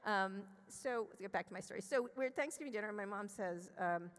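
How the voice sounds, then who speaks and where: A woman's voice: mid-range voice, expressive. Middle-aged woman on a conference stage, blunt, swears a lot, keeps restarting her sentences, long echo from the big hall. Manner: blunt and profane, with rapid restarts. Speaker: interview guest. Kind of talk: candid storytelling on stage.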